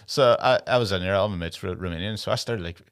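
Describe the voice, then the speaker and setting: A man's voice: low voice, quick pace, clear, resonant tone. A man co-hosting a comedy podcast, chatting casually, swearing freely and laughing through his stories.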